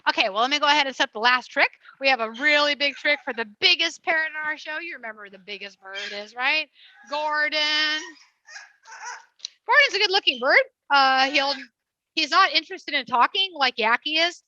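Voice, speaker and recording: Bright-voiced woman cheering on trick birds. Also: high-pitched, animated, a little fast, no echo, dull audio. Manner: upbeat, coaxing, cheers the birds on. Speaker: parrot trainer and show presenter. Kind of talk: live family animal show presenting.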